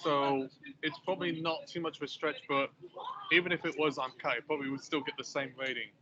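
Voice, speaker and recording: A man's voice: a little high, fairly even intonation, a little fast, lo-fi sound, background noise. A man co-hosting a casual chat, rambling and hedging as he talks. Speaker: podcast co-host.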